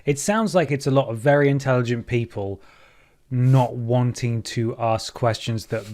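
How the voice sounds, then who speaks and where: A man's voice: mid-range voice, normal speed, a little mellow. A British man with an ordinary mid-range voice chats on a podcast. He offers thoughtful remarks and short reactions. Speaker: podcast co-host. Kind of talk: casual chat.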